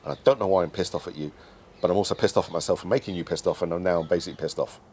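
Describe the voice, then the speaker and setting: A man talking bluntly in casual chat, swearing freely and getting animated. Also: deep voice, rapid-fire, a little hiss or hum.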